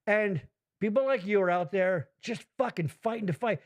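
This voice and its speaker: A man's voice: high-pitched, moderate pace. A man hosting a podcast in casual chat, rambling and swearing freely, laughing often. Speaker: podcast host.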